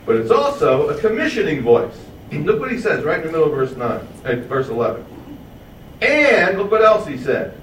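A man preaching a verse-by-verse Bible sermon, putting questions to his listeners and drawing out key words slowly for emphasis. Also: on the high side, very animated, slight background noise. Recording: echoey, distant room mic with faint ambience.

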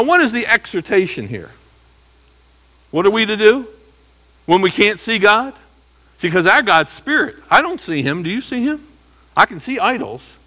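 A man with a high, bright, pushed voice delivers an expository sermon. He reads verses aloud emphatically and puts rhetorical questions to his listeners.

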